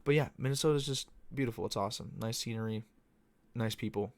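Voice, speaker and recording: A man's voice: mid-range voice, fast. A young man hosting a podcast, talking casually in a loose, profane, meandering monologue. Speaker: podcast host. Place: Arizona.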